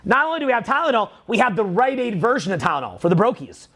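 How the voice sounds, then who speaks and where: Loud, profane, fast-swinging coach. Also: male voice, high voice. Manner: animated, swearing, bursts into shouted quotes. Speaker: dating and social skills coach. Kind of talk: profane motivational rant.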